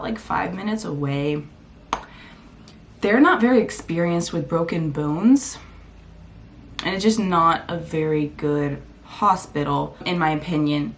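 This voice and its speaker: A young woman vlogger telling a personal story at home, animated, acting out what people said with big jumps in her voice. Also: fairly high pitch. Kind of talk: storytime vlog. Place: home room. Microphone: camera mic.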